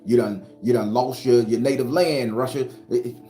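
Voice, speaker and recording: A man's voice: medium pitch, fairly even intonation, normal speed, dark tone. A man giving an emphatic, profane spiritual talk with a preacher-like cadence, speaking as the channel's host. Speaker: spiritual advisor. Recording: roomy echo with faint music.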